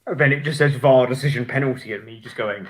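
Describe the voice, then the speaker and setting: A man co-hosting a football watchalong. He talks in an animated, sweary way and repeats words as he starts his sentences. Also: medium pitch, fast talker. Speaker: fan co-host of a match watchalong. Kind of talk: casual football chat.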